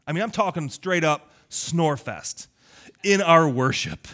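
A male pastor preaching a lively, conversational sermon, teasing his congregation. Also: a little high, unhurried.

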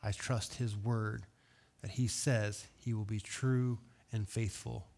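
A man preaching a sermon as pastor, earnest, asking rhetorical questions and swinging between hushed words and raised emphasis. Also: lowish voice, steady tone, takes it slowly, gravelly.

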